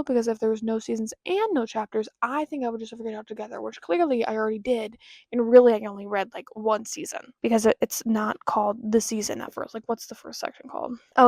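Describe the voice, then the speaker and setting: A young woman chatting casually in a reading vlog, rambling and self-deprecating, with quiet asides now and then. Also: a little high, no echo. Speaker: book vlogger.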